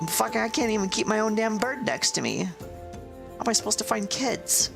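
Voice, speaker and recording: Give me an exasperated, foul-mouthed woman commenting on a game with a gravelly edge. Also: medium pitch, lively intonation, moderate pace. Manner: profane, sarcastic, exasperated. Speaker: streamer. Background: game music.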